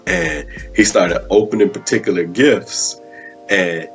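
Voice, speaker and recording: A man's voice: lowish voice, a little slow, faint music behind. A man hosting a live web show, telling a story casually and acting out the quotes, with "man" in nearly every sentence. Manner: animated storyteller, acts out quotes, says "man" often.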